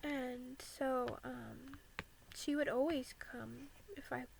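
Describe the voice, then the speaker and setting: Young american woman vlogging about anxiety, high voice, earnest, lots of "like". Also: steady tone, slow, creaky, slight background noise, poor audio. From United States. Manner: candid and earnest, frequent "like" fillers. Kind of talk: personal talk about living with anxiety.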